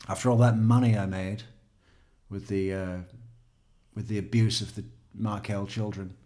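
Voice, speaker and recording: A man's voice: fairly low pitch, fairly even intonation, moderate pace, mellow. A man hosting a casual true crime livestream, rambling and chatting with viewers, swearing often and laughing at himself.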